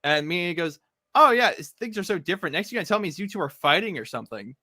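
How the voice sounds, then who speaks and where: A man's voice: high voice, expressive, quick pace, sharp tone, dry recording, studio quality. A man co-hosting a casual comic recap, rambling with lots of fillers and frequent laughter. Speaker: podcast co-host.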